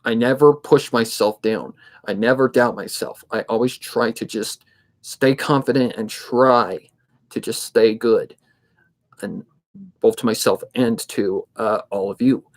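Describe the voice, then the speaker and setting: A man in his twenties who narrates fanfic readings, chatting casually on a livestream in a steady, somewhat monotone way and thinking aloud as he goes. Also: on the low side, measured pace. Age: 20s.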